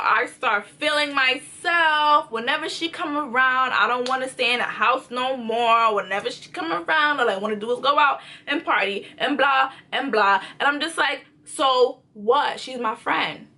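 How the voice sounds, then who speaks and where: Bright, sassy woman vlogger. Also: sits high, normal speed, hardly any pauses. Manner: emphatic, repetitive, sassy. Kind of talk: storytime chat.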